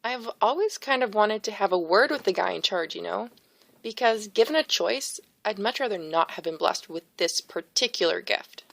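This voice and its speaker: Brash teenage girl voiced by a woman, sarcastic, blunt, audiobook, bit of fry. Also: mid-range voice, lively intonation, a bit bright. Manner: blunt, sarcastic, quick to snap.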